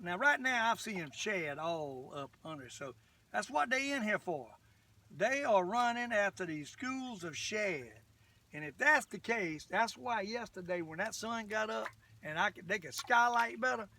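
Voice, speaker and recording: A man's voice: high-pitched, pushed and bright. An older man, chatting casually while fishing from a boat. He rambles in a folksy way and calls himself the old fisherman. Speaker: fishing vlogger. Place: on a boat outdoors. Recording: distant camera mic, faint background noise.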